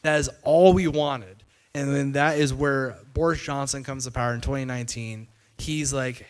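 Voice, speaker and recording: A man's voice: medium pitch, a little slow. A man presenting a casual explanatory video commentary, talking conversationally with fillers and loose restarts. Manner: conversational, retells events with "he's like" and paraphrased quotes.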